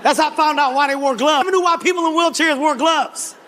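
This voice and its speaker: Stand-up comic, male, very high bright voice, shouty and animated storytelling on a stage mic. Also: fast, a little hiss or hum. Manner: loud, animated, frequent shouting and laughing. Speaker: stand-up comedian. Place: comedy stage before a live audience.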